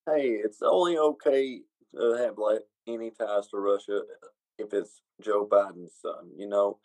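A man's voice: lowish voice, a little slow, a little mellow, no echo, low-quality recording. A man co-hosting a podcast in casual, joking chat, laughing often. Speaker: podcast co-host.

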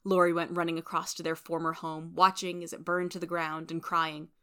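A woman narrating a storybook in a steady, clear reading voice. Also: fairly low pitch, a little fast. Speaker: reader.

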